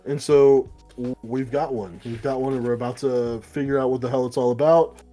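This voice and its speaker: A man chats casually on a podcast, retelling a comic issue in loose, run-on bursts. His voice is dark and mellow. Faint music plays beneath the talk. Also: mid-range voice, steady tone. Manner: rambling retelling with quick put-on voices and swearing. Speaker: podcast co-host. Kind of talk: casual comic book chat.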